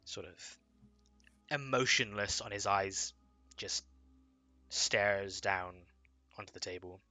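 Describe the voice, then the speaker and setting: A man narrating a tabletop game as game master, in measured storytelling. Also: fairly low pitch, sharp tone, faint music behind.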